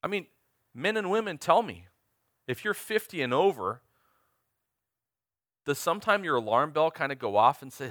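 A man's voice: fairly high pitch, sing-song, moderate pace, pauses often, fairly bright tone, no echo, studio quality. A man in his forties preaching a sermon, earnest and emphatic, asking the congregation direct questions. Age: 40s.

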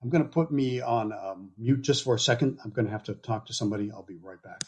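A man teaching a Bible passage in a relaxed, conversational way, often checking in with his listeners with asides. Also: fairly low pitch, fast talker, a little hiss or hum. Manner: relaxed, explaining with frequent okays and asides.

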